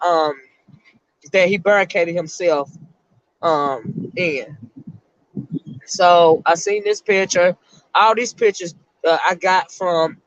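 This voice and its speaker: A middle-aged woman, a retired school counselor, hosting an emotional live-stream chat and speaking haltingly to her viewers. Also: lowish voice, no room sound, lo-fi sound. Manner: emotional, halting, repeats words while talking to her chat.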